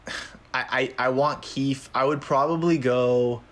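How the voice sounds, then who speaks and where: A young man co-hosting a casual sports podcast, talking in an animated way that is full of "like" and "dude". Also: medium pitch, measured pace. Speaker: podcast co-host.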